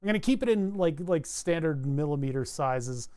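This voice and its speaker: A man's voice: on the high side, lively intonation, moderate pace, a little mellow, clear, resonant tone. A man chatting casually on a live stream while designing a circuit board, rambling with wry asides and frequent self-corrections.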